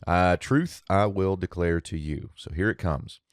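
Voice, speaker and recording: A man with a very low voice walks through a Hebrew verse word by word, explaining the grammar methodically and pausing to think aloud. The recording is dry and close, with no room sound. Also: no room sound. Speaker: Biblical Hebrew teacher.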